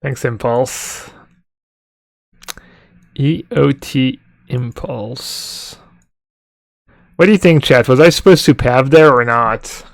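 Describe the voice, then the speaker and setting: A man's voice: mid-range voice, slow pace, vocal fry, long pauses, dry recording. A man streaming a card game live, chatting casually, thinking aloud and answering chat with fillers. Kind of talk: live-stream commentary while playing.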